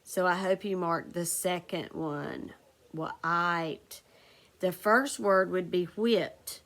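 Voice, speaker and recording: A woman teacher leading a recorded phonics lesson, dictating sentences slowly and spelling words out letter by letter. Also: on the low side, a bit bright. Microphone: recorded for a video lesson.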